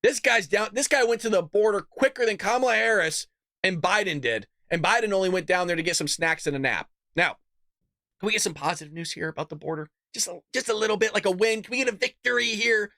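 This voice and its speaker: A man's voice: high voice, lively intonation, fast, creaky, sharp tone, no echo, studio quality. A man hosting his own political commentary show, talking bluntly and animatedly, with laughing asides. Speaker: host.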